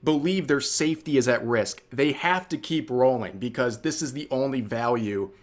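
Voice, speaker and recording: A man's voice: medium pitch, normal speed. Mocking male reaction commentator. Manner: mocking and sarcastic.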